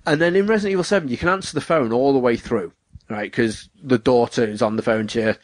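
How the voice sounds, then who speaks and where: A man's voice: medium pitch, fast talker, a little hiss or hum. A young man chatting animatedly about video games, acting out characters in raised voices.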